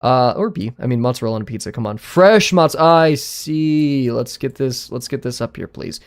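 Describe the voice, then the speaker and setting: A man streaming live, chatting casually and giving blunt, offhand verdicts, often with a quick apology. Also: mid-range voice, animated.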